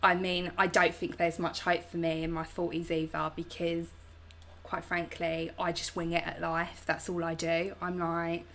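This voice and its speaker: A woman's voice: on the low side, monotone, moderate pace, fairly bright tone. A woman in her thirties with a London accent, hosting a chatty live stream and reading out viewer comments with affectionate pet names. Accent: London English. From South London, England. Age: 30s. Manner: chatty and affectionate, calls viewers babe and darling. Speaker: host.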